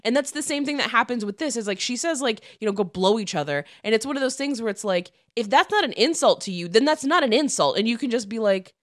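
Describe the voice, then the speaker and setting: A woman in her thirties co-hosts a casual podcast chat with a very lively, swooping pitch. She talks bluntly and swears freely. The sound is dry and close. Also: quick pace, hardly any pauses, no echo. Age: 30s. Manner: animated, laughing, blunt and profane. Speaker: podcast co-host.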